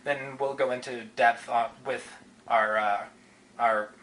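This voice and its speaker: A man's voice: medium pitch, fairly even intonation, slow pace, a bit bright, slight background noise, low-quality recording. A man, a podcast guest explaining his show in loose, rambling talk full of fillers and restarts. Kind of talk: casual interview chat.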